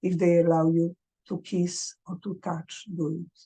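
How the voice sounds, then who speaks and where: A woman coaching parents in a gentle, earnest advice talk, speaking English as a second language. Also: lowish voice, level tone, a little slow, slightly rough.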